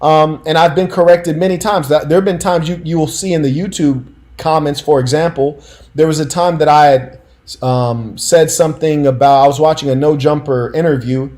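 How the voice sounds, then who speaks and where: A man with a somewhat high voice hosts a casual commentary stream. He tells stories in a slangy, emphatic way and keeps talking straight to his audience. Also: darkish tone.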